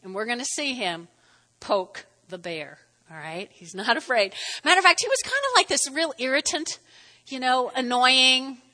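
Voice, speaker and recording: High bright-voiced lady preaching, animated and chatty, big echoey hall. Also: normal speed. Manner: animated, chatty, acts out quotes. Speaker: Bible teacher. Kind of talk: lively sermon.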